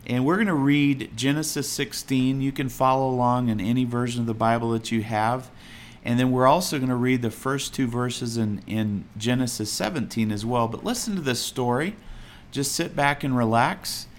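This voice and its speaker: A man's voice: mid-range voice, normal speed. A man with a Texas accent preaching a sermon in an earnest, conversational way, with fillers and restarts. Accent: Texan. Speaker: pastor.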